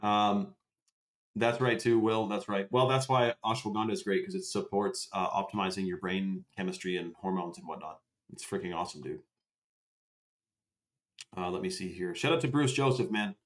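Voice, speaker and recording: A man's voice: low-pitched, moderate pace. A man hosting a casual livestream. He answers viewers by name, swears freely and keeps a loose, chatty tone. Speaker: livestream host.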